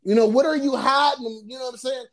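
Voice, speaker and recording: A woman, the mother of a teenager, talking in an animated casual chat, laughing often and saying "you know" a lot. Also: sits high, quick pace. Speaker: mother of a teen.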